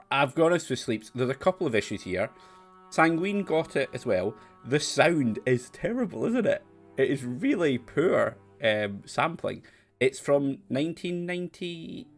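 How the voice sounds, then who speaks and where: Chatty let's-play host, lively pitch, faint music. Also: male voice. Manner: chatty, mocking the game's acting. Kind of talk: casual let's play commentary.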